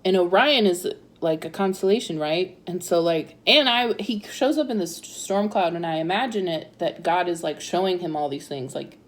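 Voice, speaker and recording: A woman's voice: on the low side, expressive, moderate pace, hardly any pauses. A woman in her thirties telling her personal story in a chatty way, full of fillers and frequent laughs. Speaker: interviewee sharing her story.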